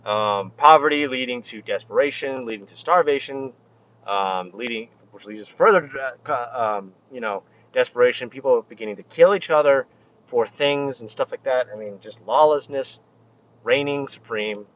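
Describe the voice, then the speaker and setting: A man vlogging while he drives his truck, rambling in halting, restarting phrases with a sarcastic edge. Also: mid-range voice, highs cut off. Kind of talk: casual opinion vlog. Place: inside a truck while driving.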